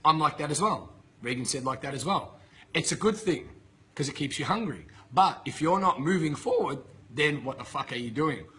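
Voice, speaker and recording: A man's voice: on the high side, lively intonation, moderate pace, sharp tone, husky. A man giving a blunt, emphatic motivational talk to camera, swearing freely and ranting at his listeners. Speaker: motivational coach. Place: filmed in Bali with a camera operator.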